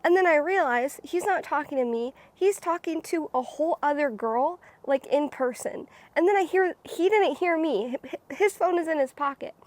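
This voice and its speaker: A young woman telling a personal story on her vlog in an animated, dramatic way, full of "like"s. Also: high-pitched, normal speed, few pauses. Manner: animated, dramatic, many filler "like"s. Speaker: vlogger. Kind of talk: casual storytime.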